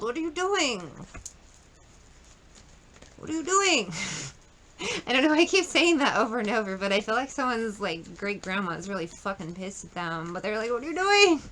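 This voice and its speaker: A woman's voice: mid-range voice, fairly bright tone, a little hiss or hum, rough recording. A woman doing a casual tarot reading, blunt and profane, thinking aloud as she pulls cards. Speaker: tarot reader.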